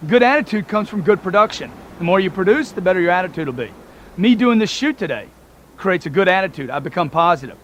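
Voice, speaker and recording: A man's voice: high voice, lively intonation, fast, a bit bright, a little hiss or hum. A man giving a motivational audiobook talk, emphatic and punchy, driving points home with repetition. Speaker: motivational speaker.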